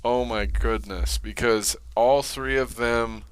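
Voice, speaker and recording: A man's voice: medium pitch, fairly even intonation, slow pace, smooth, no room sound. A man co-hosting a casual film podcast, enthusiastic, often answering with short agreeing replies. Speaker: podcast co-host.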